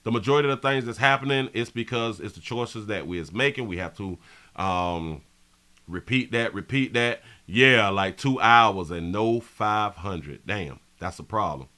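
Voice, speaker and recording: A man hosting a live stream, reading viewer comments in a brash, profane way that swings from mumbling to yelling. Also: on the low side, lively intonation, moderate pace. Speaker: live show host.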